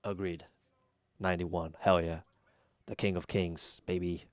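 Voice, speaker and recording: Man, deep voice, clean and dry sound, casual reaction host, opinionated and rambling. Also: flat delivery, a little slow, no room sound. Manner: blunt, chatty, many ums and uhs.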